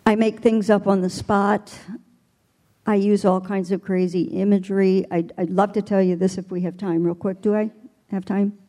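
A woman's voice: mid-range voice, flat delivery, moderate pace, mellow. An older woman voice teacher answers a panel question thoughtfully, explaining her methods with vivid imagery. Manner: thoughtful, demonstrative with vocal imagery.

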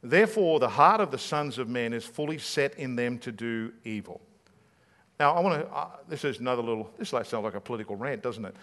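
A man's voice: mid-range voice, expressive, brisk, a bit bright. A man, a pastor preaching a sermon in a conversational way, full of rhetorical questions.

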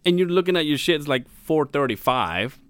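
A man's voice: fairly high pitch, fairly quick, smooth, no room sound, clean studio sound. A man co-hosting a podcast, telling a work story in casual, profane chat. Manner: profane, animated, swears a lot. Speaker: podcast co-host; construction worker.

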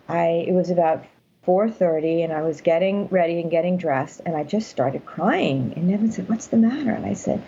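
A woman's voice: fairly low pitch, warm tone, husky, dull audio. An older woman telling her story as an interview guest, earnest and emphatic, speaking from home over a call. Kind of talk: casual interview talk. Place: home room.

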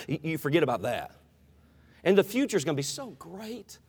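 A man preaching an animated sermon in a church, acting out Bible characters in dialogue. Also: on the high side, normal speed. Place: church sanctuary. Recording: long reverb of a large hall.

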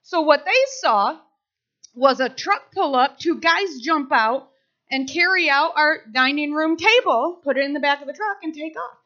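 A middle-aged woman giving a sermon, telling personal stories in an animated way and acting out the voices of people she quotes. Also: sits high, normal speed. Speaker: speaker at church service. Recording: slightly dull lo-fi sound.

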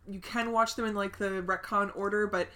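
A woman chats as a podcast co-host with a bright, forward tone. She talks eagerly, quick to gasp and laugh at a friend's story. Her pitch stays at a middle height. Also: steady tone. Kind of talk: casual chat.

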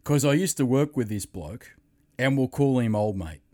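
A man hosting a podcast, telling a rambling, profane story in casual chat, a little hoarse. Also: medium pitch, lively intonation, moderate pace, dark tone, dry recording, clean studio sound. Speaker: podcast host.

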